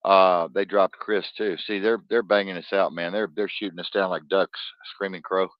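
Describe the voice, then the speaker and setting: A man hosting a podcast, chatting in a rambling, animated way and swearing freely. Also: low-pitched, normal speed, dry recording, dull audio. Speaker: podcast host. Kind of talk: casual podcast chat.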